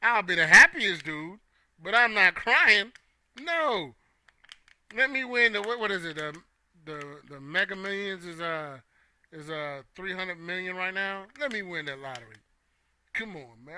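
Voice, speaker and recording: A man's voice: on the high side, a little slow, sharp tone, clean tone. A young man hosting a casual opinion talk, playful and joking with his chat. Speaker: host.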